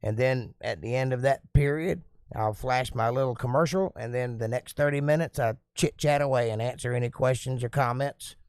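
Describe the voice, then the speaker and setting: A relaxed man chats his way through a live stream, reading out viewer comments and answering each one in a folksy, easygoing way. His voice sits at a middle pitch and sounds close and dry, with no room around it. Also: normal speed, hardly any pauses, smooth, no room sound.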